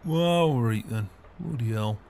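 A man voicing a gruff, beer-loving older farmer in game roleplay banter, swearing often and chuckling. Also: medium pitch, lively intonation, unhurried, warm tone. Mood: jovial.

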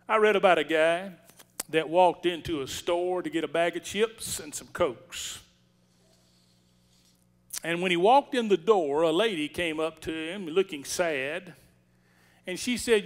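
A man preaching a sermon as senior pastor, swinging between loud declarations and hushed storytelling. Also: sits high, measured pace, long pauses. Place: church sanctuary.

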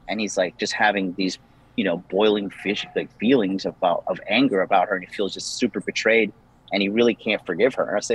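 A man's voice: deep voice, steady tone, fairly quick, slightly rough, low-quality recording. A young man, a dating coach, talking casually and defensively with many restarts. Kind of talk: casual call-in conversation.

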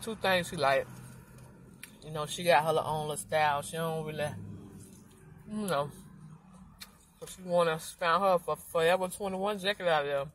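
A woman's voice: low-pitched, poor audio. A pregnant mother of five, tired and out of breath, chatting casually to her vlog viewers in loose slang.

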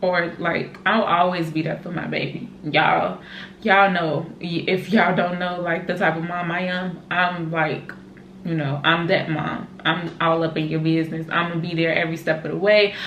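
Young woman vlogger, lowish voice, chatty and emotional, echoey room, light hiss. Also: a bit bright. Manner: chatty, emotional, many fillers like "like" and "y'all". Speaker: vlogger and mom. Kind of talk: casual chat to camera. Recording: echoey room with faint noise.

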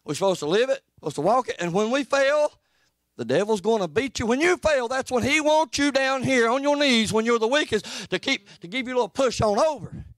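Male preacher, folksy and earnest, high-pitched, dry close sound. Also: lively intonation, fairly quick, dry recording. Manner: plainspoken, folksy and earnest, rising and falling in pitch. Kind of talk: sermon. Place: church sanctuary.

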